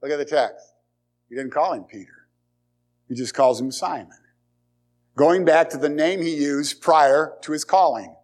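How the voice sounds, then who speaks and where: A male pastor preaching a sermon in a fairly high voice. He speaks emphatically, repeats key words and throws rhetorical questions at his listeners. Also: a little slow, pauses often.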